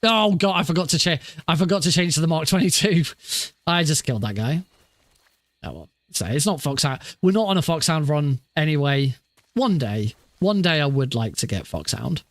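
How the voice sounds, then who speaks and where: A man's voice: on the high side, lively intonation, moderate pace, no echo. A man casually commenting on his own speedrun practice, rambling and self-deprecating with lots of fillers and restarts. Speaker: speedrunner streamer.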